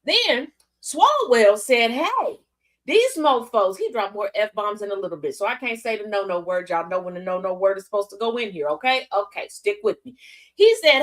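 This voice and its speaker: A woman hosting a news commentary stream, retelling events in a sassy, animated way and mimicking the people she quotes. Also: medium pitch, normal speed. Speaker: host.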